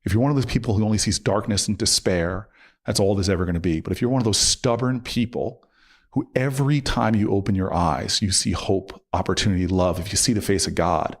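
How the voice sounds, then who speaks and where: A man's voice: fairly low pitch, fairly quick. A man quoting a stern older woman leader. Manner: firm, lecturing.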